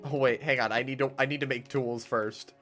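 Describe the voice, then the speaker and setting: A man's voice: mid-range voice, steady tone, brisk, fairly bright tone. A man streaming a game, chatting casually and nostalgically while he thinks aloud. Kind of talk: casual gameplay commentary. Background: faint game music.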